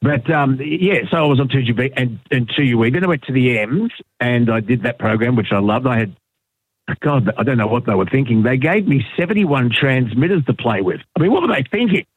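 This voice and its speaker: A man's voice: medium pitch, expressive, a little fast, husky, dry recording. A middle-aged Australian man, a radio guest, telling stories in casual chat with lots of fillers and restarts. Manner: chatty storyteller, many fillers and restarts. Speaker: guest, radio broadcaster and podcaster. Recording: dry tinny phone line.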